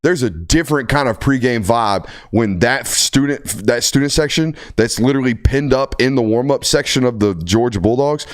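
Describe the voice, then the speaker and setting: A man's voice: medium pitch, normal speed, few pauses. A young man hosting a casual sports talk show, telling stories in a laid-back, drawling way. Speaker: podcast host.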